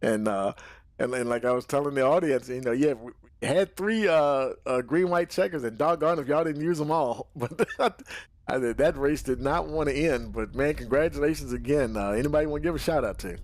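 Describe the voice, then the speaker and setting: A man hosting a broadcast and interviewing drivers after a race, with a folksy, drawn-out way of talking. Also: medium pitch, no room sound.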